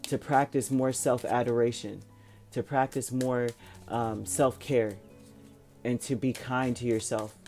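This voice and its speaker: A man's voice: medium pitch, steady tone, unhurried, a little mellow, soft background music. A man giving a rambling, reassuring tarot reading to his viewers, with many ums and restarts. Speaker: tarot reader. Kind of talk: casual spoken tarot reading.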